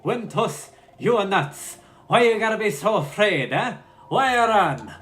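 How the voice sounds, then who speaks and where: A man voicing an excitable male game villager in an exaggerated mock-Italian voice. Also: high-pitched, a little slow, faint music behind, voice pushed up, full character voice. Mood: teasing.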